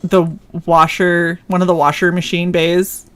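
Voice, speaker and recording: A woman's voice: lowish voice, little pitch movement, measured pace, clear, resonant tone. A young adult woman co-hosting a stream, telling a story casually, swearing and laughing often. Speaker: stream co-host.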